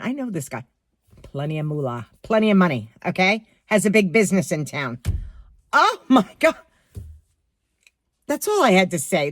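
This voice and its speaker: A woman's voice: lowish voice, no room sound, studio quality. Middle-aged woman, New York accent, stuffy with a cold; opinionated, chatty vlogger talking to her fans. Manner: opinionated, chatty, talks to viewers as friends. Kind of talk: casual chatty vlog.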